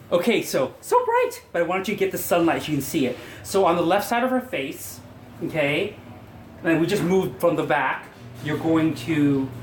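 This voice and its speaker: This hairstylist speaks in a higher-pitched voice as he coaxes viewers through a step-by-step styling tutorial, chatting away and poking fun at himself. The recording has an echoey room, faint ambience, and slight background noise.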